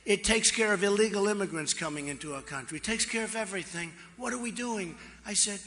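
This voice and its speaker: A man's voice: high-pitched, quick pace, few pauses, bright, forceful tone. A man in his sixties giving a campaign rally speech, boastful and repetitive, with chatty asides to the crowd. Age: 60s. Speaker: political candidate. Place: large rally venue. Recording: long reverb of a large hall.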